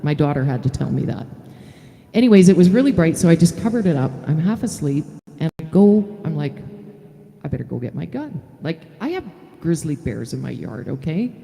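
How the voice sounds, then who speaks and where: A woman's voice: sits low, big pitch swings, brisk, vocal fry, warm tone. A middle-aged woman, a singer-songwriter, chatting frankly and telling a story on a live stream. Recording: reverberant room with faint guitar.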